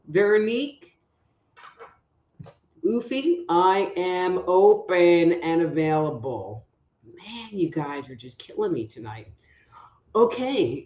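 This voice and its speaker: A woman's voice: fairly low pitch, mellow, reverberant, highs cut off. A woman hosting a live online show as a psychic reader, chatting casually and rambling through stories while calling out audience members by name. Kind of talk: casual live-stream chat.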